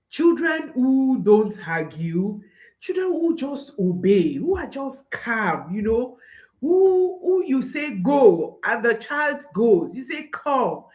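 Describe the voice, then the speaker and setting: This woman addresses parents directly through the camera, talking slowly with a strongly varied pitch. Her delivery is earnest and emphatic, and she keeps circling back to the same key phrases.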